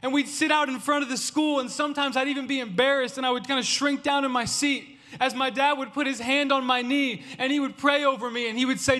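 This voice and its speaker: A youth pastor preaching with a very high, bright voice and impassioned, repeated urging, dropping to hushed storytelling in between. His voice carries a long echo from a large church hall, picked up by a stage mic. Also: level tone, fast talker, few pauses. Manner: impassioned, repetitive exhortation, swings from loud to hushed. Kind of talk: sermon.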